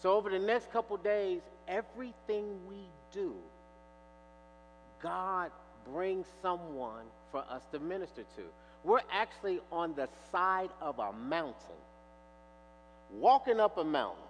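A man's voice: sits high, a little slow, soft background music. A man preaching a sermon, telling stories and acting out the dialogue with animation. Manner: animated storyteller, acts out dialogue. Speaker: pastor. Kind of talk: sermon with storytelling. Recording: reverberant hall with faint mains hum.

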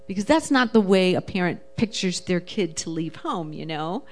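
A woman's voice: on the low side, expressive, normal speed, a little mellow. A middle-aged woman telling a personal story in a casual, emotional, rambling way, acting out the voices of the people she quotes. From Jewish family. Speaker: guest sharing her testimony.

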